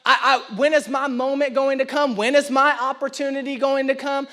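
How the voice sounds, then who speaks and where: A man's voice: very high voice, flat delivery, moderate pace, a bit bright. A man playing a grumbling, bored worker. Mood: whiny. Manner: sighing, whiny complaining.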